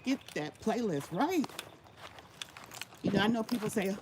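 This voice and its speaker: With an animated, mid-range voice, a woman speaks a little slowly and takes long pauses while walking laps. In this casual motivational vlog she gives channel tips emphatically, repeating herself for stress, against a noisy background.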